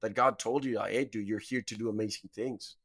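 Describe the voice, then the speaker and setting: A man's voice: fairly low pitch, steady tone, fairly quick, a bit bright, breathy edge, no echo. Laid-back man hosting a chat. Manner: laid-back slangy talk, many fillers. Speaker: podcast host. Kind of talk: casual interview chat.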